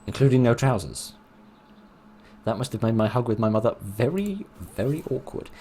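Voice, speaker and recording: A man's voice: mid-range voice, lively intonation, moderate pace, mellow, slight background noise. A young man commentating his own game playthrough in a wry, self-mocking way. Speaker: let's play host. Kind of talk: gaming commentary.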